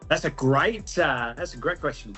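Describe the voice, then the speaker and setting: A man's voice: on the high side, animated, moderate pace, over loud music. A young man with an Australian accent, telling his story as a guest in an interview, joking often and filling with ums and restarts. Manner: jokey, many ums and restarts.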